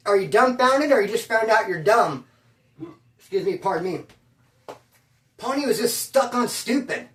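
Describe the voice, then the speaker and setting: A man's voice: high voice, fairly bright tone. A man telling a prison story in a loose, slangy way, acting out the people he quotes. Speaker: storyteller recounting prison life. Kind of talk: casual spoken storytelling. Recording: echoey room, voice from a distance.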